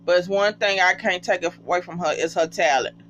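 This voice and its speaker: A casual reality TV recapper talking straight to viewers, often breaking into high, cracking laughter. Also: a little fast, a bit bright. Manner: chatty, addresses viewers as y'all. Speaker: TV show recapper. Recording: dull lo-fi sound with faint hum.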